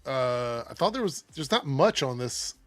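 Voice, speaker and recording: A man's voice: medium pitch, moderate pace, no room sound. A man co-hosting a casual livestream, reading an article aloud and breaking off with his own opinions. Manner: animated, reads articles aloud with asides. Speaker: co-host reading news.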